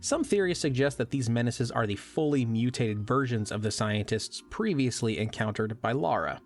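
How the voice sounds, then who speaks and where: A man's voice: medium pitch, lively intonation, normal speed, faint music behind. Man narrating a wry game recap. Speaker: podcast co-host, narrator.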